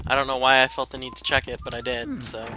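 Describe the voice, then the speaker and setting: A man's voice: medium pitch, flat delivery, fast talker, rough recording. A young man casually commentating his gameplay for viewers, rambling and self-deprecating. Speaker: gameplay streamer. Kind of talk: casual let's-play commentary. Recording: game music loud behind voice. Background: game music.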